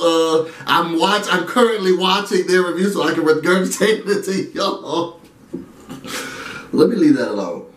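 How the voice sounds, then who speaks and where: A man hosting a casual TV recap vlog, talking straight to his viewers in an animated, chatty way full of asides. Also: a little high, reverberant, recorded from a distance. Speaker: reality TV recap YouTuber.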